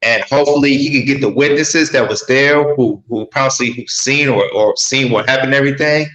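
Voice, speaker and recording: A man on a casual talk show panel, speaking in a relaxed, halting way. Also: mid-range voice. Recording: echoey room.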